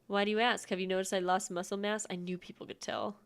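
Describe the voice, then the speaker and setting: Brief: gym-bro game villager, young man, read flat and plain by a woman streamer. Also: medium pitch, quick pace, clear, resonant tone, natural voice. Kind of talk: reading game dialogue aloud.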